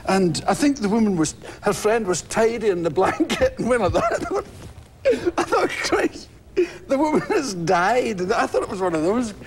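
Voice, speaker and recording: A Scottish man, a guest comedian, telling animated stories on a talk show and acting out voices and crowd shouts. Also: high-pitched, normal speed, slight background noise. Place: television studio.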